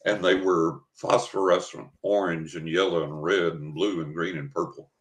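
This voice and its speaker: Brief: older man from West Texas, very low voice, dramatic interview storyteller, echoey room. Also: steady tone, moderate pace. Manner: vivid, dramatic storyteller who acts out his own thoughts. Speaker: guest. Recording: roomy, echoey recording.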